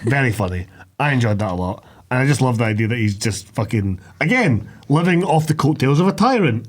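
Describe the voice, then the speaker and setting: A man talks on a podcast, his pitch bouncing up and down with a lively swing. His chat is sweary and self-mocking as he recaps a film. A faint hiss sits under the voice. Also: fairly quick. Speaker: podcast co-host. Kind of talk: casual chat.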